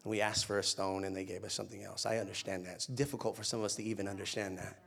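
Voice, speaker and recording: A young male pastor preaching in an easy, conversational way. He tells playful stories, rising loud and excited, then drops to a soft, hushed tone. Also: fairly low pitch, very fast, vocal fry. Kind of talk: sermon.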